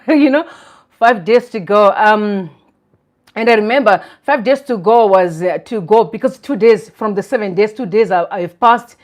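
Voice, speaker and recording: A woman from Zimbabwe, hosting a live stream and talking in an earnest, reflective way with soft laughs. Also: medium pitch, moderate pace. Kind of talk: casual live-stream talk.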